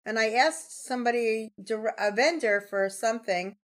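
A woman's voice: fairly high pitch, normal speed. New York woman co-hosting, matter-of-fact. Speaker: podcast co-host. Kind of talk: casual podcast chat.

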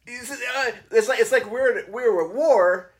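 A middle-aged man, an actor, in casual chat, talking in halting, self-deprecating bursts and laughing often. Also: very high voice. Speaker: stage actor.

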